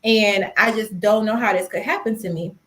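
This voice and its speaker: A woman's voice: mid-range voice, moderate pace. A young adult woman hosting a live stream on personal finance, telling a story casually and acting out what people said. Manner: animated storytelling, acting out quoted dialogue. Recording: roomy echo.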